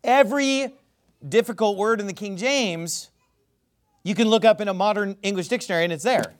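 A man's voice: high voice, moderate pace. A man talking as a Bible teacher in an informal rebuttal, emphatic and casual, often restarting his sentences.

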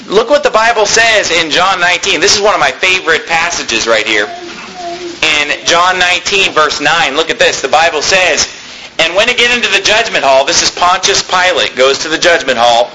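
A man preaching a sermon, reading old scripture slowly and then explaining it in plain, casual talk. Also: high voice, very animated, bright, forceful tone, a little hiss or hum, low-quality recording.

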